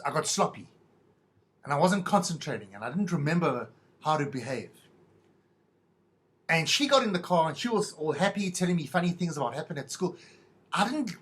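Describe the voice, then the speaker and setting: A man's voice: fairly high pitch, fairly bright tone. A middle-aged man hosting a podcast, telling a rambling, self-mocking monologue in a wry, stop-start way. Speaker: podcast host.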